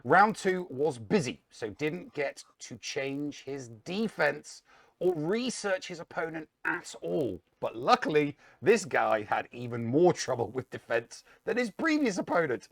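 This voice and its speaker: A man's voice: fairly high pitch, very animated, measured pace, creaky, no echo. A man co-hosting a casual gaming show, recapping matches with dry humor. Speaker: co-host.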